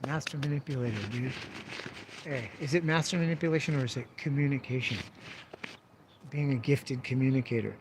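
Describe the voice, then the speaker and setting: A man's voice: medium pitch, brisk, background noise. A man telling a story casually, swearing freely and calling the listener dude and bro. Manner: profane, laid-back, peppered with "dude" and "bro".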